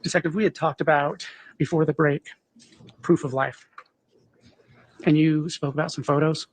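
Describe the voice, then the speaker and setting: A man with a fairly high voice questions a witness in a courtroom. His delivery is formal and procedural. A faint ambience sits under his voice. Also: steady tone, normal speed, slight background noise. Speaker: prosecutor.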